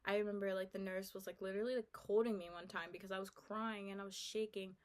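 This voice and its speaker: A young woman telling a personal story in a soft, earnest, confiding way, halting and full of "like" and restarts. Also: mid-range voice, steady tone. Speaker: vlogger. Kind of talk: personal testimony, casual storytelling.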